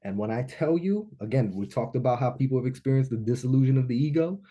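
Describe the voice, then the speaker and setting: A man speaking to a live audience at a business launch event, telling a personal story in an animated way and often checking in with "right?". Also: mid-range voice, fast talker, muffled recording.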